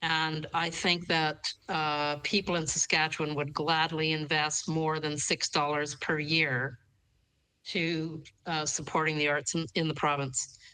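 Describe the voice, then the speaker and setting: A woman arguing passionately for arts funding in a panel discussion, slow and deliberate. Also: low voice, level tone, sharp tone, smooth, rough recording. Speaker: arts advocate guest.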